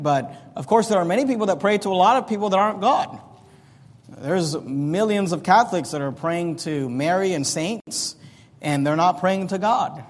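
Talking fairly quickly in a high-leaning voice, a pastor explains scripture in his sermon with earnest, plain speech and frequent restarts. The recording has the long reverb of a large hall.

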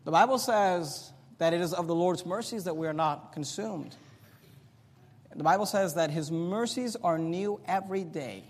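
A man preaching a sermon as pastor. He swings between loud, emphatic peaks and quiet, teaching passages. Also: high voice, normal speed, long reverb tail.

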